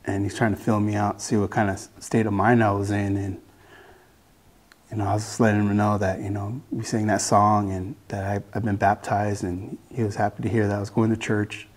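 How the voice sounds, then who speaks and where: Low, husky man giving a halting testimony. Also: little pitch movement. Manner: halting and earnest, with many restarts. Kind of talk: personal faith testimony.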